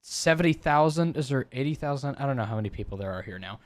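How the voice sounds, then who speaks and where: A young college student co-hosting a casual podcast, talking in an animated way, swearing casually and slipping into mocking voices. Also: male voice, medium pitch, quick pace. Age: young adult. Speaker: podcast co-host. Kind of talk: casual chat.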